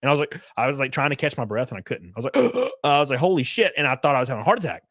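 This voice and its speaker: A man hosting a live stream, commenting casually with swearing and quick laughs. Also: mid-range voice, big pitch swings, fairly bright tone, no room sound. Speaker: streamer host.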